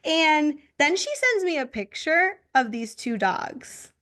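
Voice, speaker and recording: A young woman chats as co-host of a casual podcast, her voice sitting a little high. She tells a long story in an animated way. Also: slow. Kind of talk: casual chat.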